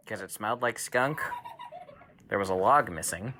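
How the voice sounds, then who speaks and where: A man telling an improvised bedtime story to a child, animated, with sound effects and dramatic pauses. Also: mid-range voice, noisy background. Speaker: storyteller dad.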